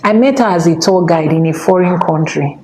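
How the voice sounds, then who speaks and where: A Nigerian woman telling personal stories in an animated way, changing her voice when she quotes other people. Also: on the low side, brisk. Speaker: spiritual teacher and channel host. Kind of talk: personal storytelling talk. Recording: echoey room with faint background noise.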